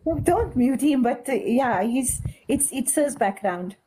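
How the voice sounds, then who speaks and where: A woman's voice: high voice, lively intonation, unhurried, warm tone, a little hiss or hum. A woman chatting casually as a guest on a live stream, hesitant and prone to repeating herself. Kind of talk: casual chat.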